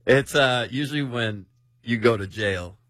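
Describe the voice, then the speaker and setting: A man's voice: medium pitch, unhurried, fairly bright tone, dry recording. A man hosting a casual group chat, playfully quizzing the others. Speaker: host.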